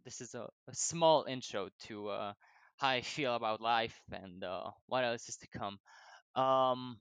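A man's voice: mid-range voice, fairly bright tone, clean tone, dry recording. A young man rambling through a personal vlog monologue, swearing constantly, drifting off topic and laughing often. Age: young adult. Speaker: vlogger.

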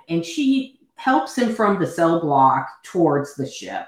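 A woman with a lowish voice retells a story in casual chat, throwing herself into the characters' lines. Her voice rings in a very echoey room. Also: unhurried, hardly any pauses. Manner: animated, quoting characters dramatically. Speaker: podcast co-host recapping a book.

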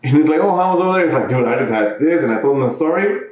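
A man's voice: on the high side, animated, very fast, reverberant, crowd noise, low-quality recording. A man who works as a bartender, telling a long story in casual chat with lots of restarts and fillers. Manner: rambling, many restarts and fillers. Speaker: bartender, podcast co-host.

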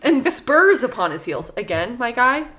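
A woman's voice: on the high side, very animated, unhurried, sharp tone. Woman reading a fairy tale with wry asides. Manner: mock-formal storybook reading broken by wry asides. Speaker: podcast co-host reading folktales.

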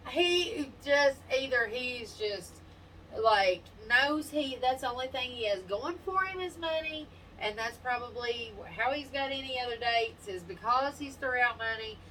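A woman's voice: high voice, unhurried. A woman in casual chat, telling dating stories bluntly and animatedly, with lots of swearing. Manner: blunt, profane, animated storytelling. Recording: distant mic with faint noise.

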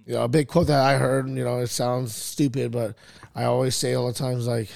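A man hosting a podcast, chatting casually with friends, animated and swearing, laughing at his own jokes. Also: mid-range voice, a little fast, creaky. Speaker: podcast host. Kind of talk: casual chat.

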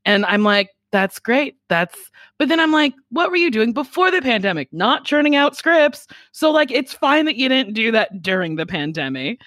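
Blunt comedian woman, fairly high voice. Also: sing-song, moderate pace, a bit bright, dry recording, clean studio sound. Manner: blunt, swears freely, acts out others' lines. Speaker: comedian guest. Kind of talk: casual chat.

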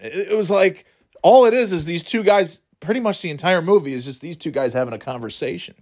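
A man's voice: high-pitched, a little fast, a little mellow. Rambling, profane male movie podcaster. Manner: rambling and profane, acting out scenes with mocking voices. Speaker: podcast host. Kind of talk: casual movie chat.

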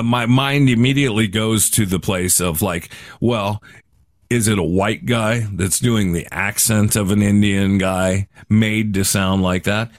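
Male podcast co-host, relaxed bro-ish delivery, animated pitch, dry close mic. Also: no echo. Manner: laid-back, says "dude" often. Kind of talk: casual chat.

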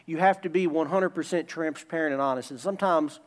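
A man's voice: fairly high pitch, fairly quick. A man preaching a sermon as a pastor, emphatic and returning again and again to his key phrases.

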